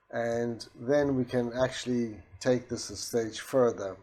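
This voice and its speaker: A man walking through a software demonstration in a steady explanatory way, with a soft voice that does not carry far. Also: medium pitch, measured pace. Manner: steady explanatory, with restarts and voice commands. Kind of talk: screen-recorded product demo.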